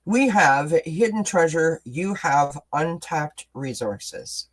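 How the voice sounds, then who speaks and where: A tarot card reader hosts a casual live-streamed reading. The delivery is chatty and encouraging, warm toward the audience, with self-deprecating asides slipped in between the cards. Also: medium pitch, lively intonation, slow pace, slight background noise, rough recording. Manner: chatty, encouraging, responds to chat comments.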